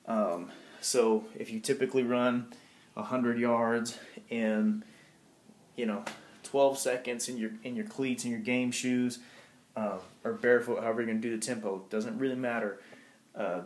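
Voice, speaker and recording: A strength coach speaking off the cuff to young athletes, loose and informal, with fillers and mild swearing. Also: male voice, medium pitch, level tone, moderate pace. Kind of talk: casual training talk to athletes. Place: gym. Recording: echoey room.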